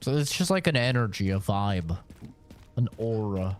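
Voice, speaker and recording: A man's voice: lowish voice, expressive, normal speed, faint music behind. A man streaming a game, chatting casually in a rambling, joking way with lots of fillers. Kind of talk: casual chat while gaming.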